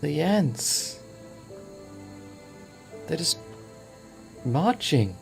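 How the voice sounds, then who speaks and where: A man hosting a let's play, commentating with excitable, wide-eyed awe and the odd swear. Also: lowish voice, moderate pace, pauses often, faint music behind.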